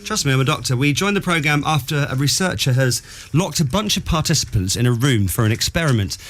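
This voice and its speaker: A man's voice: medium pitch, lively intonation, quick pace, a bit bright. A man hosting a radio comedy game, teasing and upbeat in studio banter. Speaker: radio show host. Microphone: studio mic.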